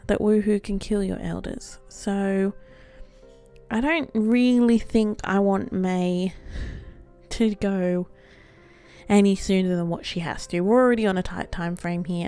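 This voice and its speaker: A woman's voice: mid-range voice, gravelly, warm tone. A woman hosting a let's play, giving chatty, giggly commentary on her game. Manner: chatty, giggly, self-deprecating. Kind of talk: casual gameplay commentary. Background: faint background music.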